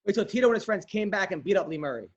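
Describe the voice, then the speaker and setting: A man's voice: sits high, lively intonation, very fast, dull audio. A man hosting a podcast, asking eager, curious questions and often stumbling over his words. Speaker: podcast host. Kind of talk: interview questions.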